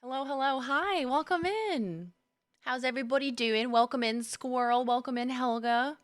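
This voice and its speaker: A woman's voice: high voice, moderate pace, dry recording, studio quality. A young woman streaming a game, chatting casually with viewers, greeting them by name and laughing often. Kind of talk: casual live-stream chat.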